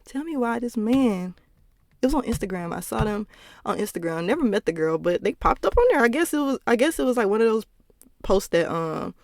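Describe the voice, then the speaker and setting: A woman's voice: fairly high pitch, expressive, brisk, no room sound, studio quality. A young woman hosting her own podcast, telling personal stories in a rambling, profane, casual monologue with laughing asides, recorded at home. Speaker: podcast host.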